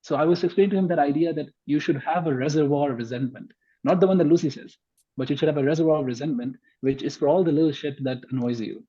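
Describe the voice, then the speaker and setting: Man, podcast guest, mellow husky voice, emphatic debater, slightly muffled recording. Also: fairly high pitch, fast talker. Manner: emphatic, argues point by point. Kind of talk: conversational podcast discussion.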